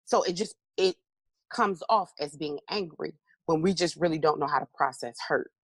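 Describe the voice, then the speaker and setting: Low raspy middle-aged woman, gravelly, dry close sound, tells it like a story and plays out her own comebacks. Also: moderate pace, no echo. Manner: animated storytelling, acts out her own replies. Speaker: interview guest, motivational speaker. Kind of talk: candid conversational interview.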